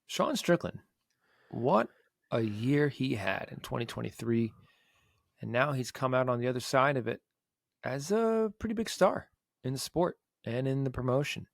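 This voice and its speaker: A man's voice: medium pitch, expressive, moderate pace, gravelly, dry recording, clean studio sound. A man hosting a casual sports podcast, upbeat and playful as he leads the talk. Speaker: podcast host.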